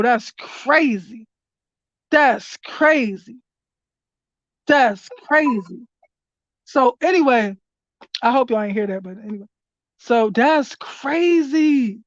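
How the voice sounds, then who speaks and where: A high-voiced woman reads oracle cards on a live stream at an unhurried pace. She calls listeners honey and baby and breaks into loud, slangy exclamations. The audio is dry and dull, like a lo-fi stream. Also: no echo. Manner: animated, exclaims loudly then reads slowly in a hushed voice. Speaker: spiritual reader hosting a livestream. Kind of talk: casual oracle card reading on a live stream.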